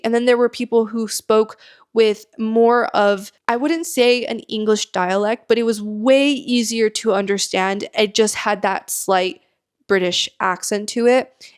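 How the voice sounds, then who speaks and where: A young American woman telling a story on her solo podcast. She sounds chatty and candid, with a mid-range voice and frequent quick asides. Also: mid-range voice, clean tone. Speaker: podcast host.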